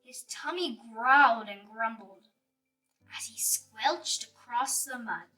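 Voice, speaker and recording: A woman reading a rhyming children's storybook aloud in a slow, expressive, sing-song way. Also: fairly high pitch. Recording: voice a bit distant, faint music behind.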